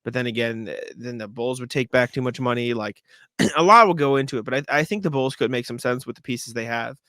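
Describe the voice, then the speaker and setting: Bright-voiced young man co-hosting a podcast. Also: medium pitch, brisk, no room sound. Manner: animated storytelling, frequent swearing and filler "like". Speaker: podcast co-host. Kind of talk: casual sports podcast chat.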